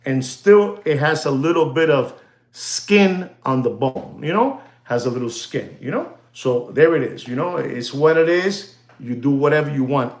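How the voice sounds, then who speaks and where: A man hosting a watch livestream in a casual, animated and rambling way, addressing viewers as ladies and gentlemen and dropping in Spanish phrases. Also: medium pitch, reverberant.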